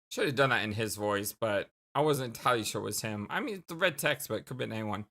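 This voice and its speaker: Giggly, lively let's play host. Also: male voice, on the low side, fast talker, few pauses. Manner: giggly, laughs often. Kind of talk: game let's play commentary.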